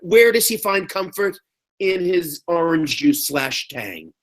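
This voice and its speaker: A podcast co-host in casual chat, sarcastic, whose pitch jumps high when mocking a character and who often chimes in with quick agreement. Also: expressive, low-quality recording. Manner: agreeing interjections.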